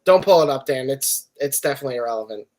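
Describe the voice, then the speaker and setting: A man's voice: mid-range voice, animated, fast, darkish tone. A man co-hosting a casual podcast chat, easygoing and joking. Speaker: podcast co-host.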